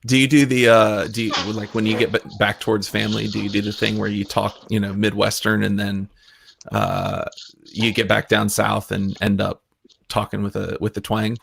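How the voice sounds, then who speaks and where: A man's voice: fairly low pitch, flat delivery, moderate pace, creaky, a bit bright, a little hiss or hum. A man hosting a casual livestream chat over a video call, rambling and restarting, laughing often. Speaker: livestream host.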